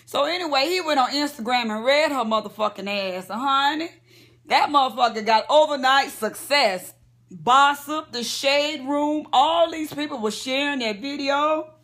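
Chatty, profane woman vlogger, higher voice. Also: moderate pace, a bit bright. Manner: profane, chatty, talks straight to viewers as "y'all". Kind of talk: casual celebrity gossip rant. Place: lying in bed at home.

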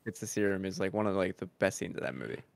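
Man, podcast co-host, gravelly voice, dry close sound, rambling chat. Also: sits low, lively intonation, quick pace, no room sound. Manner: rambling, full of likes.

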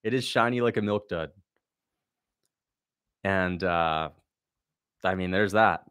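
A young man's low, slow, smooth voice, a bit bright, carries his livestream reaction to a fight. Casual and blunt, he reads viewer questions aloud and sarcastically mocks the footage.

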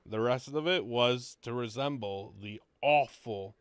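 A man co-hosting a casual podcast chat in a studio, joking in a deadpan way. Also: mid-range voice, unhurried, clear, resonant tone, dry recording. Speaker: podcast co-host.

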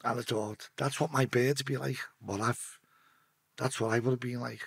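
A man's voice: medium pitch, steady tone, moderate pace, creaky, fairly bright tone, slightly rough. A man telling an emotional story on a podcast, speaking bluntly and swearing freely. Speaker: podcast guest. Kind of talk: emotional storytelling in casual chat.

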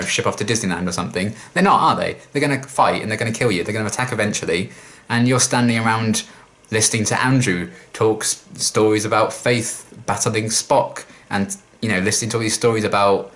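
A man's voice: lowish voice, fairly bright tone. Exasperated man ranting. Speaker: reaction video host. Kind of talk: casual reaction rant.

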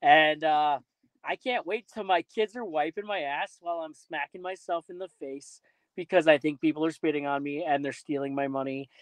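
A man's voice: a little high, normal speed, dry recording, low-quality recording. A man hosting a casual podcast, telling blunt, profane stories and laughing at them. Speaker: podcast host.

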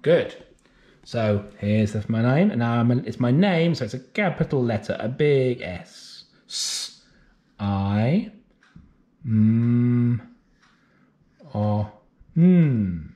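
A man teaches young children their letter sounds, stretching each sound out very slowly. His pitch rises and falls in a lively, sing-song way, the patient cadence of a nursery teacher talking to small children. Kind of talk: phonics lesson for young children. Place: classroom or home, recorded for remote learning.

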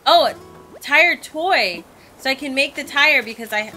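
A young woman gaming YouTuber giving casual, excitable, self-mocking commentary as she plays. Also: high-pitched, unhurried. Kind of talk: casual let's-play commentary. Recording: faint game music behind.

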